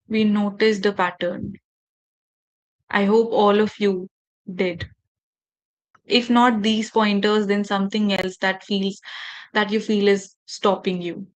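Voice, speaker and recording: A woman trainer speaks over a video call, guiding a group of teachers through a workshop. She keeps the audience involved and often asks them questions, in a voice of ordinary pitch for a woman. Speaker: faculty development trainer. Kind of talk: online training session.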